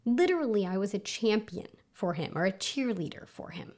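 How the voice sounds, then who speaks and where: With a medium-pitched, slightly mellow, sing-song voice at a moderate pace, a woman hosts a casual podcast by herself at home. Planes pass overhead since she lives under a flight path, and she chatters along, mocking herself and dropping lots of fillers.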